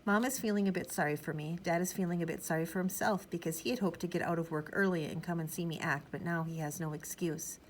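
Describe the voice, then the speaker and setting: A woman narrating a children's chapter book in the first person, rambling in a chatty, childlike way. Her voice sits on the low side. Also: fairly even intonation, quick pace, few pauses, a little hiss or hum, poor audio. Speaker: audiobook narrator.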